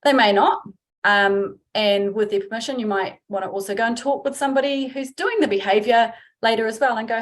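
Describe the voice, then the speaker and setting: A woman's voice: on the high side, fairly quick. Chatty New woman trainer. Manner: chatty and informal, acts out example phrases. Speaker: workplace trainer. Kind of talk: webinar presentation.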